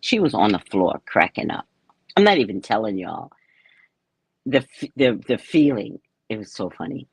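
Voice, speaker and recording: A woman's voice: a bass voice, big pitch swings, normal speed, gravelly, breathy edge, no echo. A woman in her sixties, chatting casually and playfully with viewers on a live stream, laughing as she talks. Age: 60s. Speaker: live stream host and psychic reader. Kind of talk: casual live chat answering comments.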